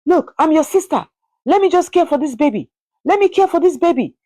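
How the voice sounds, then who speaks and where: Pushy sister, high and insistent, put on by a woman retelling a story. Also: lively intonation, brisk, dark tone, no room sound. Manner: pleading, repetitive, pushy. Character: insistent adult woman pressing for custody.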